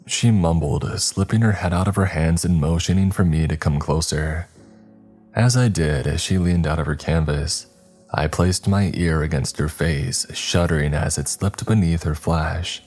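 Male horror podcast narrator, very deep, husky, measured and dramatic, faint music under. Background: soft background music.

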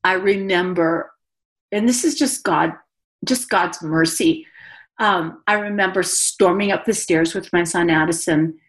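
A woman's voice: lowish voice, unhurried. A woman guest telling a personal story on a podcast in an earnest, confessional way. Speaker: guest author and speaker.

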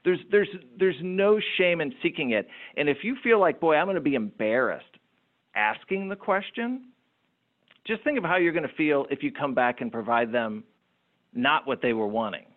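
A middle-aged man, a small business owner, telling anecdotes as a guest in an interview, animated and prone to repeating words. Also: on the high side, moderate pace. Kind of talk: interview storytelling. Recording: phone-like narrow sound.

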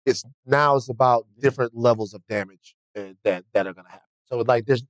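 A man's voice: medium pitch, brisk, no room sound. A man hosting a podcast in casual chat, rambling and restarting often, with plenty of profanity. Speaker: podcast host.

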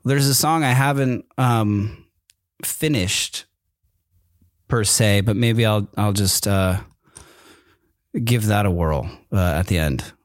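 A man's voice: lowish voice, slow, long pauses, no room sound. A man hosting a podcast, telling a personal story in a rambling, casual way with many fillers and restarts. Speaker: podcast host. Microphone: microphone with camera.

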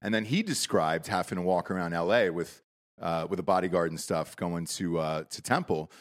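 A man's voice: deep voice, moderate pace. A man hosting a podcast, talking loosely and casually with profanity. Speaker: podcast host. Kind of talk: casual chat.

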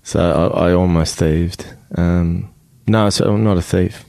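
An Australian man speaks in a notably deep voice, recorded dry and close with no room sound. He chats casually as an interview guest, full of wry, self-deprecating humour. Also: steady tone, a little slow, creaky, warm tone, no room sound. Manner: wry, joking, self-mocking. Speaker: guest actor.

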